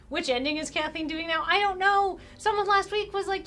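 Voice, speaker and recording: A young woman streamer casually commenting on a game, animated and exasperated. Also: very high voice. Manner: animated, exasperated, quick asides.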